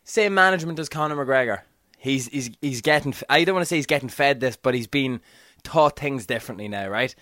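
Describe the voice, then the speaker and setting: An emphatic man co-hosting a casual sports podcast and pressing his points. He keeps checking whether his listener follows him. His voice has an ordinary male pitch and is picked up close and dry. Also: brisk, fairly bright tone, no room sound. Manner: emphatic, keeps asking "do you know what I mean". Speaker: podcast co-host.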